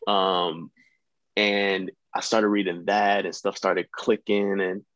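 A young American man, an actor, chatting as a guest in a relaxed, rambling way with many fillers. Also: deep voice, slow pace, no room sound, lo-fi sound. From United States. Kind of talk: casual interview chat.

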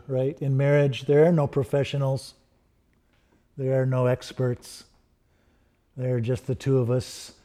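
A man's voice: medium pitch, mellow. A male preacher giving an earnest sermon that builds into a fervent closing prayer.

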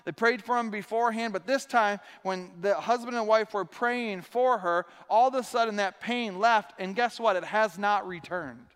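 High-voiced man preaching in a big hall. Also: normal speed, hardly any pauses, clean tone. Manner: animated preaching, acting out quoted voices, calls to the congregation. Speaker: pastor. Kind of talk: sermon. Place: large church hall. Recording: long reverb of a large hall.

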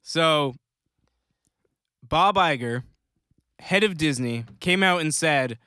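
A man co-hosting a laid-back podcast, trading jokes and quick asides about comic news. His voice sits a little high and the sound is dry and close, with no room echo. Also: expressive, pushed and bright, clean tone. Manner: joking, chatty, quick asides with laughter. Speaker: podcast co-host.

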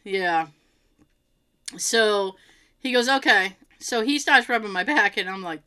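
A woman chatting casually, telling an animated, laughing story with plenty of swearing. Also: on the high side, a little slow, pauses often, clean tone. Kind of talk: casual chat.

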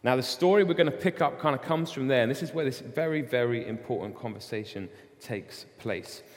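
Casual preacher in an echoing hall. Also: male voice, medium pitch, brisk. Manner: casual, storytelling, animated. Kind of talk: sermon. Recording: long hall reverb.

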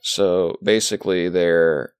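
A man with a low voice hosts a casual podcast conversation. He rambles, restarting his sentences and filling gaps with "uh" and "you know". The sound is dry and close. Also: fairly even intonation, slow pace, clean tone, no room sound. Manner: rambling, lots of fillers and restarts. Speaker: podcast host. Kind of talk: casual chat.

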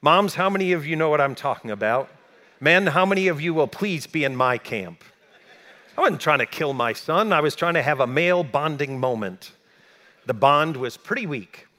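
Middle-aged male pastor, sermon delivery, slightly high voice, big swings from loud emphasis to hushed asides. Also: lively intonation, normal speed, long reverb tail. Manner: storytelling with wide swings between loud emphasis and quiet asides.

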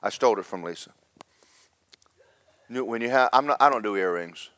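Male preacher, low voice, dry close sound, swings from shouting to near whispers. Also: normal speed, dry recording. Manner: animated storytelling preacher, loud shouted bursts then hushed asides. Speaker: pastor. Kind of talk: sermon.

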